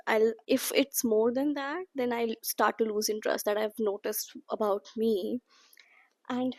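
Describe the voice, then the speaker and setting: A woman's voice: on the high side, a little mellow, no room sound. Gushing young woman book vlogger. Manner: emotional, gushing, reads quotes aloud with feeling. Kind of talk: casual reading vlog chat. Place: quiet room at home.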